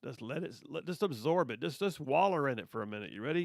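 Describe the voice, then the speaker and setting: A male conservative talk radio host reads news stories aloud, tossing sarcastic, teasing remarks at listeners. He talks fast with lively intonation, vocal fry and few pauses in a mid-range voice, recorded on a studio mic with no room sound.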